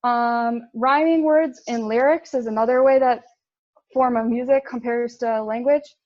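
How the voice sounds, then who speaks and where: A woman's voice: a little high, steady tone, measured pace, darkish tone, dry recording, dull audio. A young woman giving a casual intern presentation, chatty, with fillers and laughs at her own slips.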